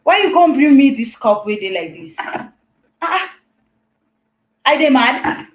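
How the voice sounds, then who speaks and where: A woman's voice: high voice, big pitch swings, a little slow, roomy sound, pitched above the performer's own voice. A woman putting on a Nigerian Pidgin accent, playing an angry Nigerian woman scolding someone. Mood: indignant. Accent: Nigerian Pidgin, put on. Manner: loud, indignant, rising.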